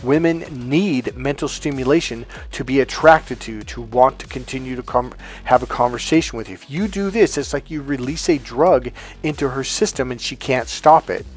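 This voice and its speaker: A man's voice: medium pitch, normal speed, slightly rough. A man in his fifties giving dating advice straight to camera, bluntly and casually swearing, acting out bits of dialogue as he goes. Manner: animated, acts out quoted dialogue. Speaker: dating coach. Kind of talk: direct-to-camera coaching monologue.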